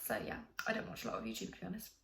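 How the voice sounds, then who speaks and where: A woman's voice: racing, fairly bright tone. A young woman from the UK chatting casually to camera as a vlogger, rambling with many ums and restarts. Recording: echoey room, faint hiss.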